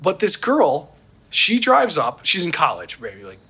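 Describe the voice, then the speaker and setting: A man hosting a casual chat, animated and opinionated, laughing easily. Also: fairly high pitch, unhurried, husky. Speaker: podcast host. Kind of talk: casual chat about film and wine.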